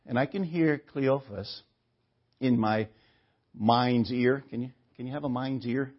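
Man, preacher, sermon, earnest rhetorical questions, husky voice, dull lo-fi recording. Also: medium pitch, unhurried.

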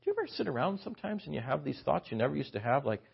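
A man's voice: a little high, big pitch swings, rapid-fire, creaky, husky. A man preaching a conversational sermon as guest preacher, chatty and given to joking asides. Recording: muffled lo-fi sermon recording.

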